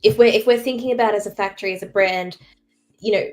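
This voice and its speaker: A young woman from Derry with a Northern Irish accent, co-hosting a casual podcast chat with opinionated, quick analysis. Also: mid-range voice, fairly even intonation, darkish tone. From Northern Ireland. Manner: opinionated, fast analytical talk with fillers. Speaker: co-host.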